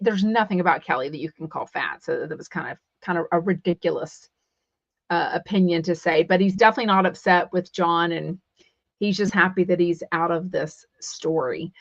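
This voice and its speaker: The host, a Texas woman with a matching accent, runs a laid-back celebrity gossip podcast where she reads live comments aloud and speaks chattily and opinionatedly, using many fillers and quoted asides. Her medium-pitched voice is a bit bright, and the lo-fi audio carries no room sound.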